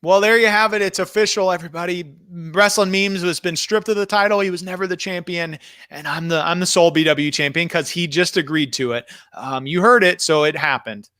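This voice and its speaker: A man's voice: sits high, a little fast, pushed and bright, clear, resonant tone, no room sound, clean studio sound. A man playing a blustering, domineering wrestling heel who hosts a show and bullies his sidekick. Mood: gloating. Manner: blustering and domineering, with many fillers. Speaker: host. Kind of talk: comedy wrestling sketch.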